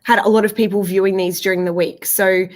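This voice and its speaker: A woman's voice: mid-range voice, fairly even intonation, brisk. A woman co-hosts a casual church livestream. Her talk is loose and friendly, full of ums and little fillers. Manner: chatty, many ums and fillers.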